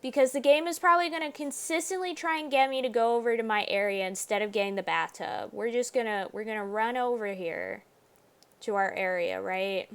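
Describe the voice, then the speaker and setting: A woman hosting a gaming video, chatting through her playthrough, laughing often and bursting into loud exclamations. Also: a little high, brisk, clean tone. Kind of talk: let's play commentary.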